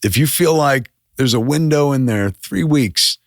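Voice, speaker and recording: A filmmaker in casual podcast chat, an animated storyteller who swears often and acts out quotes. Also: male voice, medium pitch, a little slow, dry recording, clean studio sound. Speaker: filmmaker guest.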